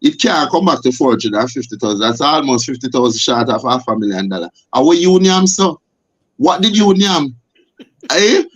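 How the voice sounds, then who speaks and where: A man with a Jamaican accent, a guest on a talk show, arguing forcefully and firing off rhetorical questions. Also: medium pitch, animated, moderate pace, breathy edge. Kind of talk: impassioned talk show discussion. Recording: dull lo-fi audio.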